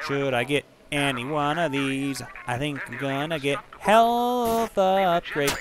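A man giving casual, rambling commentary while playing a video game, swearing freely and breaking into excited outbursts. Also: on the high side, unhurried, few pauses, crowd noise. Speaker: gameplay streamer.

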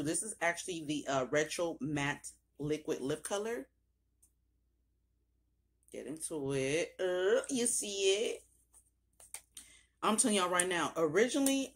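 A young woman filming a casual makeup haul, talking straight to her viewers with loose slang and cursing, and breaking into sudden high exclamations. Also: a little hiss or hum. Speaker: beauty vlogger.

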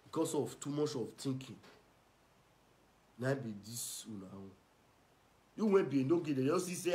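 A man with a Nigerian Pidgin accent giving ranting, mocking gossip commentary, scolding and swinging between loud and soft. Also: medium pitch, expressive, normal speed, long pauses. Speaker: online commentator.

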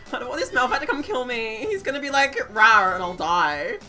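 Chaotic young woman streamer, lively pitch. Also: normal speed, faint music behind. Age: 20s. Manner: chaotic, swings from low mutters to shrieking apologies. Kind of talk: live gameplay commentary.

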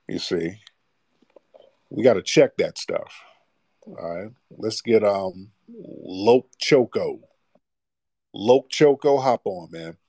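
A man's voice: fairly low pitch, lively intonation, slow, pauses often, mellow, breathy edge, no room sound, studio quality. A man hosting a late-night call-in show, talking bluntly in casual slang. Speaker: host. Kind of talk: live call-in radio show.

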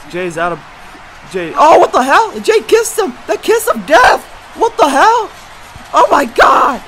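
A commentator calling a hobby wrestling match with excited play-by-play, jumping between hushed remarks and shouted exclamations and throwing in joking asides. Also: mid-range voice, a little hiss or hum, poor audio. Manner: jokey, self-correcting asides.

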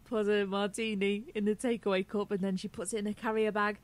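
A woman's voice: medium pitch, flat delivery, brisk. A British woman co-hosting a casual radio show, giggling and teasing her co-host. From Britain.

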